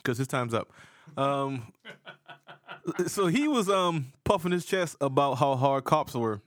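A man's voice: mid-range voice, animated, slow pace, dry recording, clean studio sound. A man co-hosting a podcast, talking loosely and profanely in a joking casual chat. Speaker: podcast co-host.

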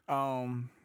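A man's voice: medium pitch, dry recording. A man hosting a casual podcast chat, laid-back and loose, laughing often as he tells stories. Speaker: podcast host.

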